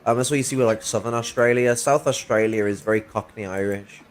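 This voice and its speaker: A man's voice: mid-range voice, a little fast. A man in casual political chat on a livestream, rambling and swearing with many fillers and restarts, through a worn-out USB mic. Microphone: failing USB mic.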